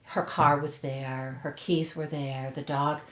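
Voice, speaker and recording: Low-voiced middle-aged woman, roomy sound. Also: little pitch movement, slow pace. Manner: emotional retelling, acts out quoted voices. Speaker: interviewee. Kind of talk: documentary interview.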